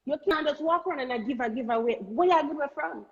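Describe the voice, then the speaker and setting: High-voiced Jamaican woman, earnest and emphatic. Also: fast, dull audio. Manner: earnest, emphatic, stumbles and repeats words. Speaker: guest. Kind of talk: candid conversational talk.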